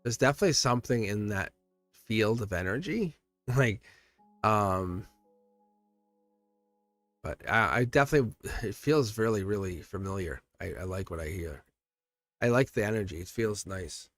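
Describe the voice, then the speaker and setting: A man's voice: lowish voice, expressive, moderate pace, long pauses, fairly bright tone, dry recording, faint music behind. A man giving a casual live-stream tarot reading. He talks in a chatty, emphatic, reassuring way and laughs often between phrases.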